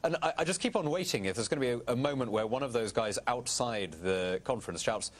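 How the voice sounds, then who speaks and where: Speaking quickly in a mid-range voice, this guest politician on a TV interview is a middle-aged man from Britain with a British English accent. His storytelling is animated, articulate and wry.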